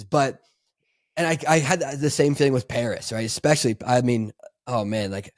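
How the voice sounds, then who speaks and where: This podcast co-host speaks at a moderate pace in a mid-range voice, casually rambling with many fillers, restarts, and laughs. The studio-quality recording is dry.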